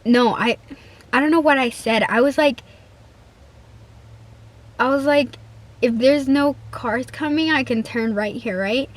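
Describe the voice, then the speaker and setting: A woman's voice: sits high, a little slow, pauses often. A teenage girl telling a casual, rambling storytime vlog, full of "like" and acted-out quotes. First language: Spanish-speaking home, bilingual. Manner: chatty, rambling, heavy use of "like", acts out quoted lines. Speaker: vlogger.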